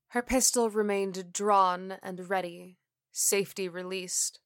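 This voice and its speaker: A woman narrating a scripted horror story in a measured, deliberate reading. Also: medium pitch, steady tone, dry recording, studio quality.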